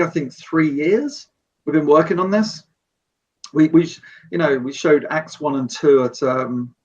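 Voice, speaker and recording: Husky distant man, eager and rambling. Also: mid-range voice. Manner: enthusiastic, rambling with many restarts. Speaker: guest, storyboard artist. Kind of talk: casual podcast chat. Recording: distant, dull lo-fi remote mic.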